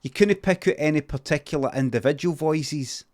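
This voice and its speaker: A man with a Scottish accent telling an improvised comic story on a livestream, rambling and deadpan with many asides. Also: a little high, moderate pace. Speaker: comedian and streamer.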